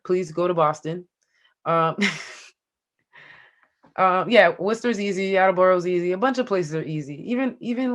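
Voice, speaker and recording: A woman's voice: fairly low pitch, fairly bright tone. A woman teaching a law class in a casual, joking way, talking straight to her students. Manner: joking, chatty, addresses the class directly. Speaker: law course instructor.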